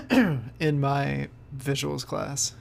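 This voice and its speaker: A man's voice: medium pitch, animated, extremely slow, vocal fry. A young man co-hosting a casual podcast, laid-back, with short replies and dry jokes. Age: young adult. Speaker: podcast co-host. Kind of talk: casual chat.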